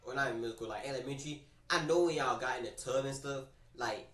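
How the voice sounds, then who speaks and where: A man on a livestream telling a story in a casual, animated, slangy way, often repeating his phrases, recorded in a roomy space away from the mic. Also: medium pitch, fast, recorded from a distance. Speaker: streamer.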